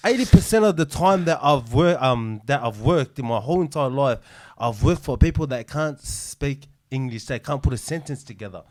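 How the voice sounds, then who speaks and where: A man's voice: medium pitch, animated, normal speed, darkish tone. A man from Sydney, talking bluntly and with lots of slang in a casual podcast chat. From Sydney, Australia. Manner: blunt, slangy, says bro often. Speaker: podcast co-host.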